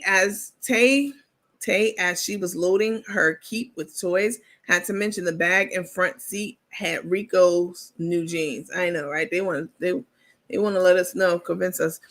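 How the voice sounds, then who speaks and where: A woman's voice: mid-range voice, a bit bright. A woman host talking casually and candidly to her viewers, calling them baby and y'all and bragging on herself. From New York.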